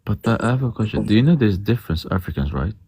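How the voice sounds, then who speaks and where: Deep mellow guy from djibouti, patient, lots of uh and restarts, dry sound. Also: very animated, fast, breathy edge, no echo. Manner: patient, hesitant, many fillers and restarts. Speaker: guest on a live stream. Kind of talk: casual debate.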